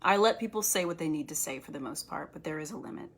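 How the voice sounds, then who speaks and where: A woman's voice: deep voice, animated, quick pace, creaky, breathy edge. Earnest woman doctor on a livestream. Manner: earnest and warmly encouraging, turns stern at times. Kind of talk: casual livestream chat.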